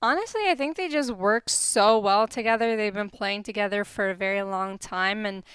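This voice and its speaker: A woman's voice: mid-range voice, moderate pace, fairly bright tone, smooth, no echo. A woman giving casual analyst commentary on an esports match, friendly and chatty with frequent fillers.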